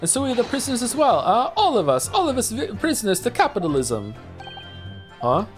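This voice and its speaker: A man voicing an excitable, boastful Italian circus performer in a put-on Italian accent, with sing-song phrasing and hesitant fillers. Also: very high voice, fairly quick, soft background music, pitched above the performer's own voice, exaggerated voice.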